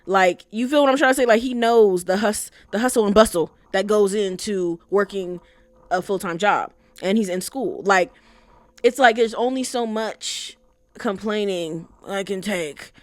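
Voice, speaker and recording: A woman's voice: medium pitch, unhurried, no echo. Chatty, blunt young woman podcaster. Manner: chatty, blunt, sprinkles in curses and "like, you know". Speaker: podcast host. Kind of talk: casual chat recapping a story.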